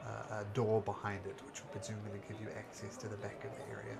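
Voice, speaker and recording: A man narrating as game master, describing scenes in a relaxed way with fillers. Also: lowish voice, quick pace, creaky, over loud music.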